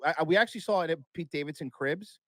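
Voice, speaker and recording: A man's voice: a little high, quick pace, dry recording. A man talking as a podcast guest in casual chat, blunt and profane, rambling with restarts.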